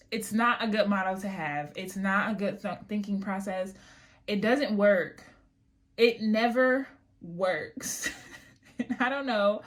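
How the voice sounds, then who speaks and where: A young woman talking through a get-ready-with-me hair routine while she spills a storytime. Her delivery is chatty and slangy, with an exasperated edge. Her voice sits at an ordinary middle pitch, with faint music playing behind her. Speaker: beauty vlogger. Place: at home doing her hair.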